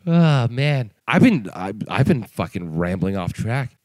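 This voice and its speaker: A young man hosting his own podcast, ranting with mocking, profane humor and breaking into high voices to act out other people. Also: a little mellow, no echo. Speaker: podcast host. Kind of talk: comedic rant.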